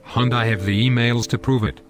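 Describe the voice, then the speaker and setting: In an amateur scripted skit, a man plays a fond, teasing old grandfather telling his granddaughter a story and calling her honey. His medium-pitched voice is fairly even and fairly quick, close to an everyday voice, with background music underneath.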